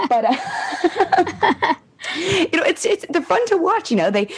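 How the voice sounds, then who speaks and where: Low-voiced giggly young mother. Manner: rambling, giggly, full of fillers. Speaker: co-host, parent. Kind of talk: casual chat.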